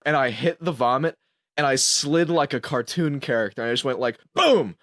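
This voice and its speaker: A man's voice: mid-range voice, a little fast, a bit bright, no room sound, clean studio sound. A young man telling a story in casual podcast chat, acting out his own lines and laughing as he goes. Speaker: podcast co-host. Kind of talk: casual storytelling among friends.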